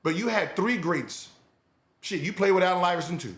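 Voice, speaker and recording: A man hosting a podcast, loudly ranting in profane, incredulous reaction commentary. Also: high-pitched, expressive, normal speed, reverberant. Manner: loud, profane, incredulous shouting. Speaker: podcast host.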